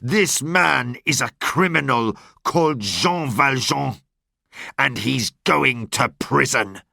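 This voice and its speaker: A man's voice: medium pitch, lively intonation, takes it slowly, vocal fry, pushed and bright, no echo, studio quality, full character voice. A man voicing a harsh police inspector who gives cold orders. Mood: stern. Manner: cold, commanding.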